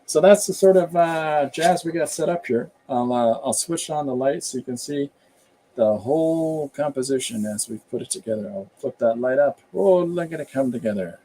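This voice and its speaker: Mellow rambling man, chatty artist. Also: mid-range voice, animated, moderate pace, a little hiss or hum, rough recording. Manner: rambling and chatty, slips into voices. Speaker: artist streaming while drawing. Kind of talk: casual live-stream chat.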